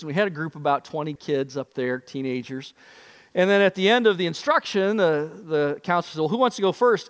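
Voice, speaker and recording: Pastor guy preaching, kinda high voice, lively storytelling, big hall echo. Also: smooth. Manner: animated storyteller, acts out voices. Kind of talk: sermon.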